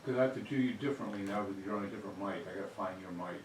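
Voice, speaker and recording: Fast-talking man, echoey and off-mic. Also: deep voice, slight background noise. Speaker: camera operator and co-host. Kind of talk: offhand asides during a live stream. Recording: echoey room, from far off the mic.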